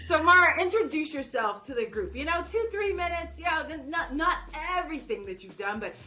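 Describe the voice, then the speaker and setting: A woman hosting a podcast interview, bubbly and excitable, laughing often and talking with big energy. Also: high-pitched, a little fast, poor audio. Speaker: podcast host. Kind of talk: enthusiastic interview chat.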